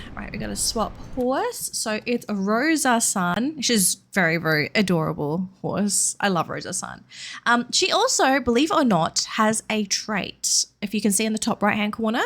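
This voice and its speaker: A woman's voice: mid-range voice, animated, normal speed, a bit bright, a little hiss or hum. A woman streamer giving casual, chatty let's-play commentary to her viewers. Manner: chatty, addresses viewers, frequent ums. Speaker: streamer playing a horse game.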